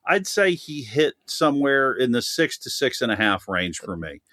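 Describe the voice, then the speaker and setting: A man's voice: mid-range voice, very animated, normal speed, sharp tone, no room sound, studio quality. A man chatting animatedly as a guest on a film podcast, laughing often and talking at length. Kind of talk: casual podcast chat.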